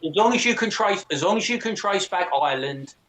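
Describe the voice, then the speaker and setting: A man in loose casual chat, his voice pitched a little high. He swears a lot and acts out other people's voices while telling his stories. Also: brisk. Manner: profane, animated storyteller who mimics others.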